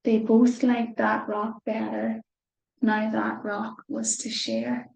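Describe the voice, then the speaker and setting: A woman reads a children's story at a slow, careful pace, in a gentle voice with hushed asides. Her tone is mellow and fairly level, and the room gives a noticeable echo. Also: fairly high pitch, flat delivery, creaky. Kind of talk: reading a picture book aloud.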